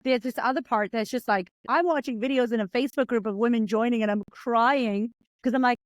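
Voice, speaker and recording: A woman guest in an interview, a confidence coach who talks in an animated, emotional way, laughing and acting out little voices. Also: fairly high pitch, a little fast, dry recording. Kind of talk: casual conversational interview.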